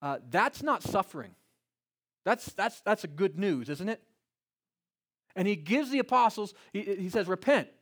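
A man delivers a sermon in a relaxed, conversational way. He keeps checking in with rhetorical questions and climbs to emphatic peaks. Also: sits high, unhurried, long pauses. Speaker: pastor.

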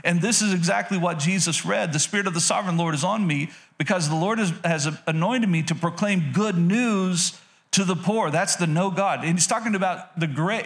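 A man's voice: high-pitched, fairly bright tone. A male pastor giving a sermon in an emphatic, repetitive preaching manner with frequent restarts.

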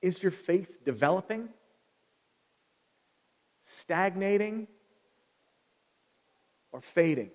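Male pastor, sermon, conversational, asks the congregation questions, high voice, church sanctuary reverb. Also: expressive, drawn-out words, long pauses, a little mellow. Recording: long reverb of a large hall.

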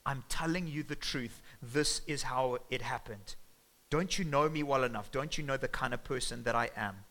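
A man's voice: mid-range voice, moderate pace, sharp tone, natural voice. A man voicing a young woman who pleads earnestly to be believed, in a sermon retelling. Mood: tearful.

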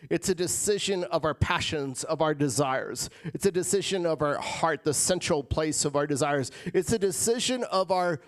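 A man preaching a sermon as pastor, shifting between loud emphatic lines and quiet, casual asides to the congregation. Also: fairly high pitch, expressive, moderate pace, hardly any pauses. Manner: casual, addresses crowd as guys.

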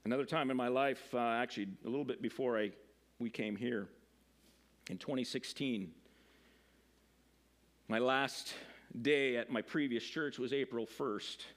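A man's voice: medium pitch, unhurried, pauses often. A middle-aged man, a pastor, giving a conversational sermon, full of fillers, restarts and asides to the congregation.

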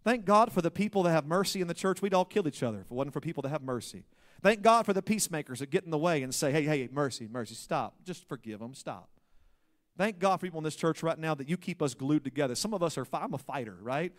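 A pastor preaching a sermon, swinging between loud emphasis and hushed asides. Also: male voice, on the high side, animated, fast.

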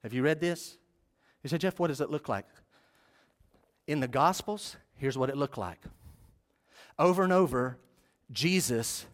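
A passionate man preaches a sermon to his congregation. His high voice swoops widely as he presses each point with emphasis. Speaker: pastor.

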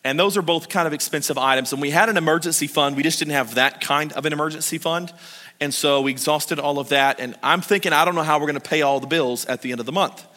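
A middle-aged male pastor preaching a sermon, swinging from loud urgent calls to hushed, intimate pleading as he tells stories and speaks straight to the congregation. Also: on the high side, fast talker. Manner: storytelling, addresses the congregation directly. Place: church sanctuary. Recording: long hall reverb.

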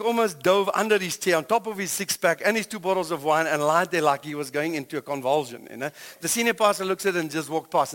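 A middle-aged man with a South African accent, preaching a sermon as a pastor in animated storytelling, swinging between loud and hushed. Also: a little high, in a large hall.

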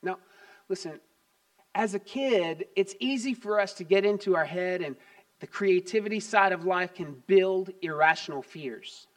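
A man in his fifties, a grandfather and pastor, preaching a sermon with personal stories, swinging from loud emphasis to quiet asides. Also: high-pitched, a little slow.

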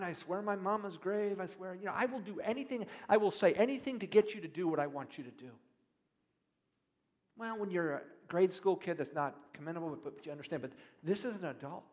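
A male pastor giving a sermon, reading verses and then putting pointed questions to the listeners, going from hushed asides to loud emphatic preaching. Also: high voice. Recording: reverberant hall.

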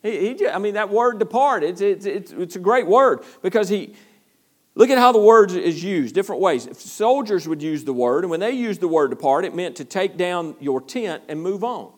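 A man preaching a sermon as pastor, animated, repeating himself and restarting phrases for emphasis. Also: high voice, normal speed.

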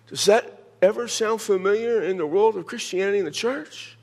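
A man's voice: sits high, moderate pace, hardly any pauses. An older man preaching a sermon, teaching verse by verse with joking asides to his congregation. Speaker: pastor.

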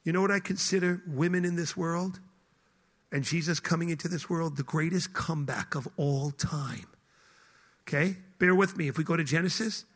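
A man preaching a passionate sermon to a room full of people, swinging between shouted declarations and hushed, intimate lines. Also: high-pitched. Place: hall with a live audience.

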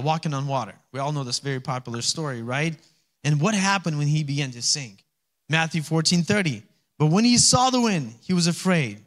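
A man's voice: fairly high pitch, a bit bright. A man, a pastor, preaching a conversational sermon and often checking in with the congregation. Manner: conversational, asks the congregation for responses.

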